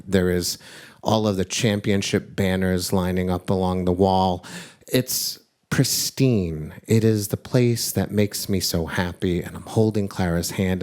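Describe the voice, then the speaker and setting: A middle-aged man telling a true personal story on a live stage, wry and confessional, turning from jokey to hushed. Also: fairly low pitch. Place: live stage before an audience.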